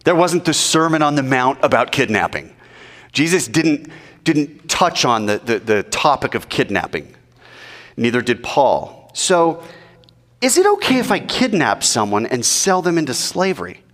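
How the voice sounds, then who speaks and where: A man preaching in an animated, rhetorical way and asking the audience questions. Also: medium pitch, unhurried, big-room sound. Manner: animated, rhetorical, mock-quoting. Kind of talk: sermon.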